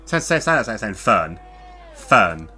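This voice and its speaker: A man's voice: fairly low pitch, big pitch swings, measured pace, bright, forceful tone, breathy edge, soft background music. A man co-commentating a live online racing league, laid-back and self-mocking, laughing at himself often.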